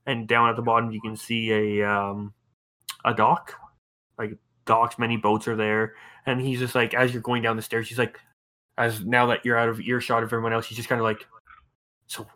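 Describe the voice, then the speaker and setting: A man's voice: medium pitch, sharp tone. A man narrating a tabletop game as game master in a casual, loose way, adding spoken sound effects.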